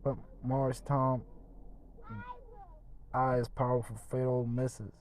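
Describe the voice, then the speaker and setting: A man's voice: medium pitch, level tone, slow pace, darkish tone, dry recording, lightly acted, low-quality recording. A man voicing a timid young boy servant who hesitantly refuses, afraid of his mistress, as a storybook read aloud.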